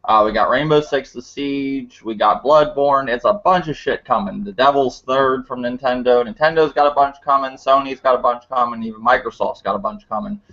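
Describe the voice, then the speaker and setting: A man's voice: medium pitch, moderate pace, hardly any pauses, fairly bright tone. A man co-hosting a casual podcast who rambles with many fillers. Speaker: podcast co-host. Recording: muffled lo-fi audio.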